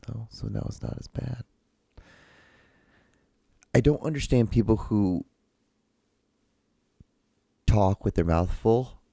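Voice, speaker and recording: Deep gravelly guy riffing on clips, sarcastic and swears a lot. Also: no echo. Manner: sarcastic, profane, deadpan rambling. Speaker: show host. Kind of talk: casual reaction vlog.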